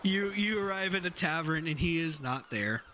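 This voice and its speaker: A man's voice: a little high, expressive, normal speed, noisy background. A man narrating a tabletop game as game master, laughing often as he talks.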